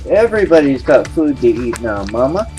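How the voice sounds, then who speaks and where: A playful, cooing voice in their fifties narrates pet footage in easy, rambling chat. The pitch sits in a comfortable middle range, and clear background music plays the whole time. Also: sing-song, moderate pace, darkish tone. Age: 50s. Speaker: pet vlogger.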